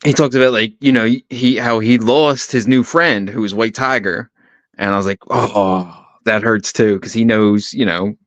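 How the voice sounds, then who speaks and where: A man co-hosting a casual podcast chat, laughing often and retelling scenes with animated quotes. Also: fairly low pitch, moderate pace, dry recording. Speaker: podcast co-host.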